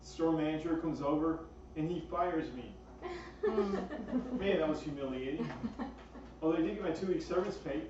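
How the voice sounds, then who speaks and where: A man doing a stand-up comedy set in a small cafe, delivering deadpan one-liners with fillers. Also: on the high side, normal speed, long pauses. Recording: far-off echoey lo-fi room recording with noise.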